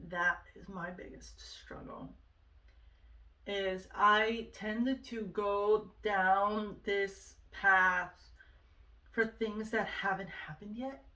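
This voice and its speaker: A woman's voice: medium pitch, sharp tone, recorded from a distance. A woman talking earnestly and casually to the camera, giving personal advice on overthinking, often asking "right?". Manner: earnest and conversational, many asides and "right?". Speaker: vlogger sharing self-help advice.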